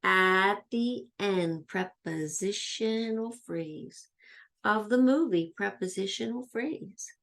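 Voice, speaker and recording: A woman's voice: medium pitch, slow pace, a bit bright. A woman teacher leading a children's grammar lesson, chanting labels in question-and-answer drills and playfully quizzing herself. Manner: plays a pretend student asking herself questions.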